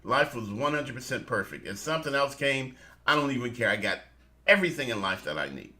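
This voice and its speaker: A man co-hosting a casual morning chat, his voice bright and sharp. His pitch rises and falls in lively swings. He laughs often and speaks to his listeners as family. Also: fairly quick. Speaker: co-host.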